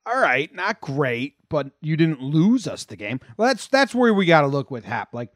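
A man's voice: fairly high pitch, big pitch swings, normal speed, no room sound, clean studio sound. Joking young man in casual sports chat. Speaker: podcast co-host.

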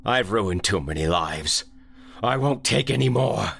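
A man voicing a haunted man who turns from grim to panicked to quietly sinister. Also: lowish voice, lively intonation, unhurried, creaky, husky, pitched above the performer's own voice, heavily acted. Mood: resigned.

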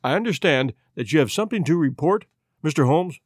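A man's voice: fairly high pitch, expressive, a little fast, breathy edge, no echo, clean studio sound. A man voicing a stern older male prime minister who speaks in a grave, insistent tone.

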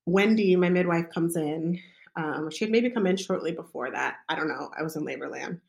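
A woman with a somewhat low voice tells a personal story in a casual, chatty way, as a midwife speaking from her own experience. Her talk is loose and conversational, with plenty of fillers. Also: a little fast, creaky, darkish tone.

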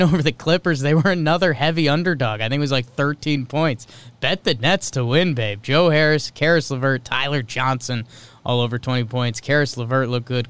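A man hosting a casual sports podcast, reading off game scores in quick, clipped bursts with loose, offhand commentary in between. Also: fairly high pitch, clear, resonant tone. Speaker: podcast host.

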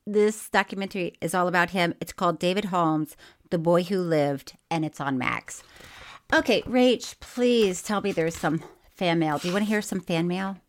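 A woman's voice: lowish voice, normal speed. A woman co-hosting a chatty podcast, laughing often and reading listener mail aloud with quirky emphasis on odd words. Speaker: podcast co-host. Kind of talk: casual podcast chat.

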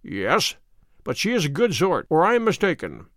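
A man voicing Sherlock Holmes, a musing, brisk male detective, in a dry read story. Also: on the high side, huge pitch swings, a bit bright, dry recording. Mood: reflective.

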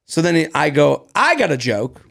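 A man's voice: on the high side, normal speed, gravelly. A man co-hosting a podcast in casual chat, telling stories with lots of energy, acting out other people's voices, swearing freely and laughing often. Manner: animated storyteller who acts out other people's voices. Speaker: podcast co-host.

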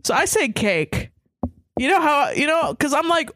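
A woman's voice: high voice, very animated, unhurried, a bit bright, no room sound, studio quality. A young woman co-hosting a podcast, telling stories in casual, profane, self-mocking banter with frequent giggles. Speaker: podcast co-host.

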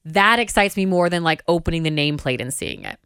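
A woman's voice: low voice, animated, fast, a bit bright, clean tone, no room sound, clean studio sound. A young adult woman co-hosting a podcast, chatting casually and giggling as she tells stories. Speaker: podcast co-host. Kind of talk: casual chat.

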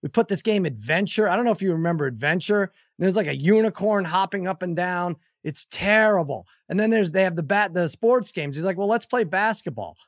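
Middle-aged man telling animated stories. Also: high voice, brisk, few pauses, no room sound, studio quality. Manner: animated storyteller, raises his voice acting out scenes. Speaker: podcast guest. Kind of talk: casual chat.

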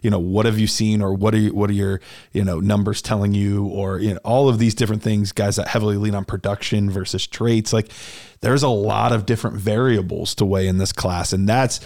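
A man's voice: fairly low pitch, steady tone, fairly quick, darkish tone. A man co-hosting a podcast, talking casually and rambling with many fillers. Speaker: podcast co-host. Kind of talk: casual chat.

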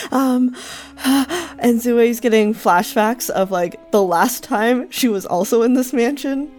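A woman with a fairly high voice narrates her character's moves in a tabletop game, casual and full of fillers. Faint music plays under her. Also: slow, a little mellow. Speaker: player.

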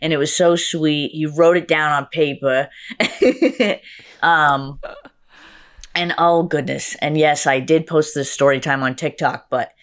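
A young woman telling a story in casual chat, acting out what others said. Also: slow pace. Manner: animated, acts out quotes with big pitch jumps. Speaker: guest.

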